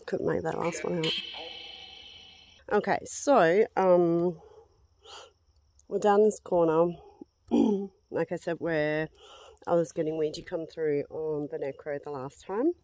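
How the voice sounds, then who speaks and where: A woman paranormal investigator outdoors in a cemetery, slowly calling out the words she hears in a sensory deprivation session, often exclaiming in surprise. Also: on the low side, fairly even intonation, dark tone, no echo. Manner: slow, halting, exclaims in surprise.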